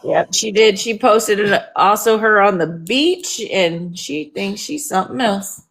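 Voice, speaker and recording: A woman's voice: mid-range voice, a little slow, fairly bright tone, breathy edge. Middle-aged woman telling funny stories. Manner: humorous storytelling. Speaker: chat participant. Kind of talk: casual group chat.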